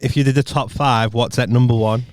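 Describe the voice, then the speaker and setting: A man's voice: mid-range voice, steady tone, a little fast, no room sound. A man co-hosting a podcast, teasing his co-host with jokey interjections. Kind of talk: casual chat.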